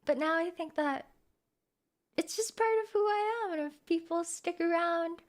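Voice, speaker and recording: A woman streamer speaking softly and reflectively to her viewers, hesitating and restarting as she goes. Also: extremely high pitch, normal speed. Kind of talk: personal talk to viewers.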